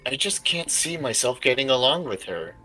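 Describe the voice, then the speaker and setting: A man's voice: mid-range voice, very animated, normal speed, pushed and bright, breathy edge, soft background music, voice pushed up, full character voice, rough recording. A man voicing a friendly, awkward young female corgi puppy in a live story reading.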